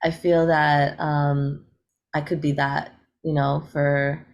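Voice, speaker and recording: Low-voiced, gravelly woman chatting. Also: level tone, slow pace, darkish tone. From United States. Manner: chatty, upbeat, laughs often, many fillers. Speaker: guest, eco-rapper. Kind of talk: casual interview chat.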